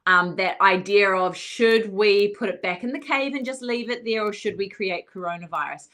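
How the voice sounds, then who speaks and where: A woman's voice: mid-range voice, normal speed, fairly bright tone. A middle-aged woman co-hosting a podcast, chatting casually and rambling with lots of fillers. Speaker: podcast co-host. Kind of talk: casual chat.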